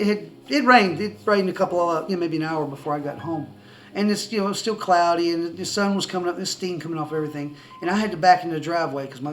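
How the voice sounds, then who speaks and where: A man's voice: fairly high pitch, a bit bright. A man telling a personal faith testimony to the camera from his country home, rambling, restarting his words and chuckling as he goes. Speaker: person giving a religious testimony. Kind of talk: casual storytelling to camera. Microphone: camera in front of a seated speaker.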